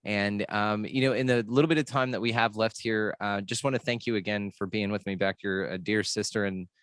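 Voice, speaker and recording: A man's voice: on the low side, steady tone, fairly quick, a bit bright, no echo, clean studio sound. An American man hosting a casual spiritual conversation, talking in an earnest, rambling way with the odd swear word. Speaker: podcast host.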